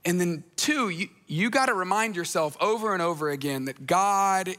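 A man's voice: high voice, expressive, moderate pace, hardly any pauses, bright, forceful tone, long reverb tail. A man preaching a conversational sermon, earnest, repeating phrases for emphasis and adding storytelling asides. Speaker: pastor.

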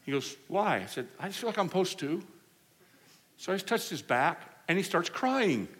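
A man preaching a sermon, telling healing stories in an animated way and acting out the people he quotes. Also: high voice, moderate pace, husky. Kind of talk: storytelling sermon. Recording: hall reverb.

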